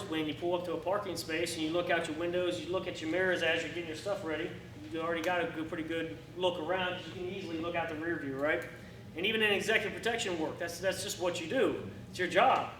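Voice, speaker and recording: A man teaching a firearms class in a lively coaching way, acting out his students' reactions. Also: a little high. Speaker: firearms instructor. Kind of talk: classroom instruction. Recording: echoey room, distant mic, faint noise.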